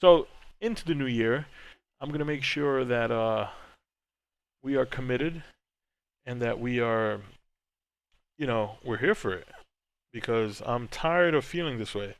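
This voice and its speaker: A man's voice: medium pitch, measured pace, long pauses, clear, resonant tone, no room sound. A young man co-hosting a casual podcast, talking candidly and rambling with many restarts and fillers. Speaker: podcast co-host. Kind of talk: casual chat, reading live chat.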